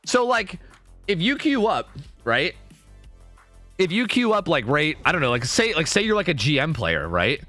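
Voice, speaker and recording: A man's voice: a little high, very animated, normal speed, long pauses, pushed and bright, no echo, faint music behind. A young man streaming, ranting casually in a rambling way, full of "like" and "dude" and some swearing.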